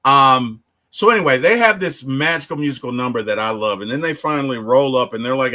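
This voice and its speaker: A man in a casual film discussion, retelling scenes with lively storytelling and acting out the characters' lines. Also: mid-range voice, fairly quick, hardly any pauses. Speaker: movie reviewer.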